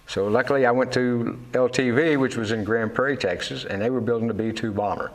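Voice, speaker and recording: A man's voice: medium pitch, brisk. An older man, a Navy veteran and fishing captain, telling his life story candidly in an interview, full of fillers and restarts and acting out the voices of people in his stories. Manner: rambling, with many fillers and restarts.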